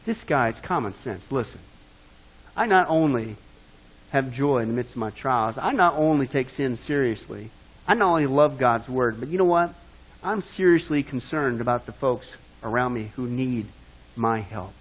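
A male pastor preaching a sermon, swinging from loud, emphatic passages down to low, hushed asides. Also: expressive, normal speed, breathy edge, rough recording.

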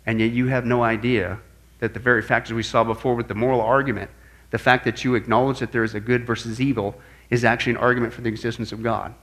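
A man preaching an apologetics lesson in an animated way, dropping low for stories and rising loud for quoted voices. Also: quick pace. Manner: animated, shifts between loud quoted outbursts and low hushed storytelling. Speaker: pastor teaching apologetics. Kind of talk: sermon-style teaching.

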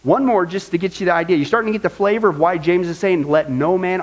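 A man delivers an animated sermon as pastor and acts out the whining voices of the people he quotes. His voice sits high for a man, and he keeps asking his listeners pointed rhetorical questions. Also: quick pace, rough recording.

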